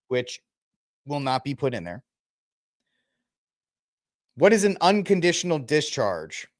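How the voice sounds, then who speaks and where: A man's voice: on the high side, no echo, studio quality. A man hosting a casual political commentary podcast, rambling and sarcastic as he reads and jokes through the news. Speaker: podcast host.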